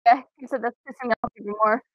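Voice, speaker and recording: A woman's voice: fairly high pitch, fairly even intonation, very fast, dry recording, highs cut off. A woman co-hosting a podcast, chatting casually and gushing about the characters. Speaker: podcast co-host. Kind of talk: casual chat.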